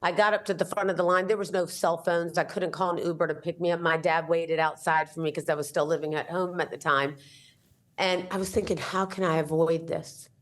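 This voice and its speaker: Fifties woman telling her story on an interview show, acts out all the lines, lowish voice. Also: fairly quick. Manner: animated, acts out the dialogue in her stories. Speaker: entrepreneur and author, guest.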